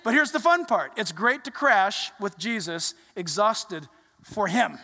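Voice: medium pitch, measured pace. A pastor preaching a conversational sermon in a church, acting out little quotes as the story goes. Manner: animated, conversational, acts out quotes. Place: church sanctuary. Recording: reverberant church hall.

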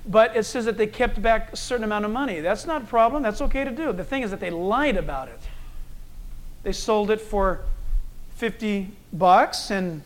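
A man preaching a sermon, animated and conversational, acting out quoted people and telling stories. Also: high-pitched, moderate pace. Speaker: pastor.

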